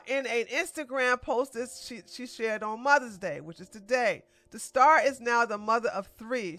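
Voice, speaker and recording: Woman, commentary host, blunt, emphatic, bright forceful voice, dry close sound. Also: fairly high pitch, dry recording. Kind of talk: opinionated celebrity commentary.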